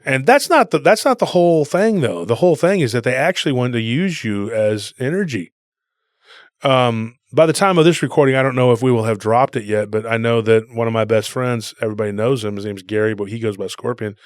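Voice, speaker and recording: A man's voice: mid-range voice, animated, fairly quick, dry recording. Man rambling on a dry-sounding podcast. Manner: rambling storyteller, says "dude". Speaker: podcast co-host. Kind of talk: casual podcast conversation.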